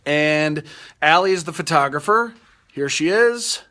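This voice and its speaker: A man's voice: fairly high pitch, lively intonation, unhurried, pushed and bright. A man hosting a casual live stream from his photography studio, upbeat and greeting viewers by name with frequent laughs. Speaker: livestream host.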